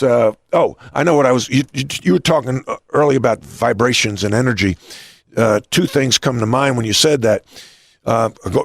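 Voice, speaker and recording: A man's voice: mid-range voice, gravelly, dry recording, studio quality. A middle-aged man hosting an interview, telling stories with many restarts. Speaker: podcast host and coach. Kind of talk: conversational interview.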